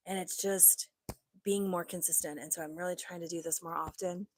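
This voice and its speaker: A woman's voice: lowish voice, fairly even intonation, moderate pace, slight background noise. A woman hosting a casual live stream, chatting in an upbeat, loose way with lots of fillers into a desk microphone.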